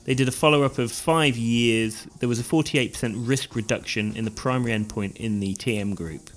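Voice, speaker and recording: A man co-hosting a casual podcast, animated and reading facts aloud with hesitant restarts. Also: mid-range voice, a little fast. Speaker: podcast co-host.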